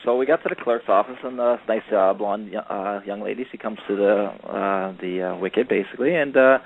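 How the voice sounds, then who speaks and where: A man's voice: on the low side, a little fast, creaky, a little hiss or hum. A man telling a rambling story in casual chat, with many fillers, acting out what others said. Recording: phone line call-in.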